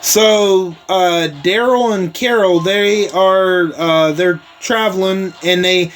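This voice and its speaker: A man's voice: high-pitched, fairly even intonation, slow, soft background music. A man hosting a casual TV episode recap, rambling along with lots of "like" and "uh" fillers and some casual swearing.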